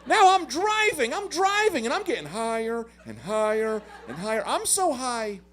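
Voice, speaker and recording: A man's voice: normal speed, some chatter behind. A man in his thirties doing stand-up storytelling, acting out voices with big swings. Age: 30s. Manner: animated, acts out voices with big pitch swings. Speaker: stand-up comedian.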